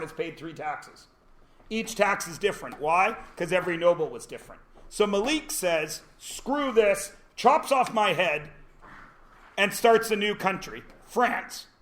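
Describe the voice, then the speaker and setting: A man's voice: high-pitched, a bit bright. A man teaching a classroom lesson, joking and quizzing his students as he goes. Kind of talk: classroom lecture.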